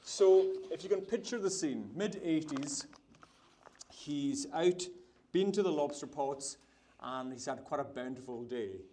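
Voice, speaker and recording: A man's voice: fairly high pitch, lively intonation, measured pace, dark tone, a little hiss or hum. Chatty Scottish man telling a story. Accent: Hebridean Scottish. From Isle of Lewis, Scotland. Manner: chatty, laughing, spins a yarn. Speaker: baker giving a cooking demonstration. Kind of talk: storytelling while cooking. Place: food festival hall, demo stage.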